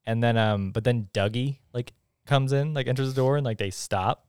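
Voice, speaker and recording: A man's voice: mid-range voice, darkish tone, smooth, no echo, clean studio sound. Chatty man recapping a movie. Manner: chatty, laughing, acts out characters' lines in quick impressions. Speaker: podcast co-host. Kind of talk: casual movie recap chat.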